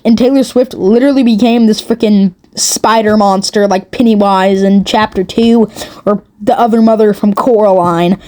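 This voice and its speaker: A woman's voice: mid-range voice, warm tone. Sarcastic woman ranting on camera. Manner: sarcastic, mocking, rambling. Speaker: commentary youtuber. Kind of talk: ranting commentary.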